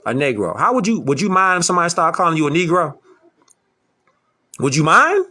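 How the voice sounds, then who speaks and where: Animated and brisk, a man with a high, pushed, bright voice preaches to his audience as an online lecturer talking to camera. His emphatic delivery leans on repeated rhetorical questions.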